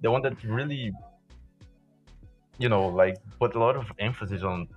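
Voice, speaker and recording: Brazilian guy, portuguese native, raspy lowish voice, laid back chat, some music faint behind. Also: moderate pace, lo-fi sound. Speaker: podcast co-host. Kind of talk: casual chat.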